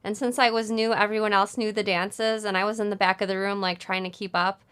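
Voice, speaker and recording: A woman's voice: medium pitch, level tone, fairly quick, fairly bright tone, clean tone. A woman in her thirties co-hosting a sewing channel, chatting casually and laughing often. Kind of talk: casual chat.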